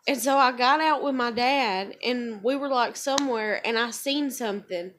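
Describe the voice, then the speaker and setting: A woman's voice: a little high, normal speed, fairly bright tone, slight background noise. A woman, talking emotionally and rambling with lots of fillers in a confessional vlog. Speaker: vlogger.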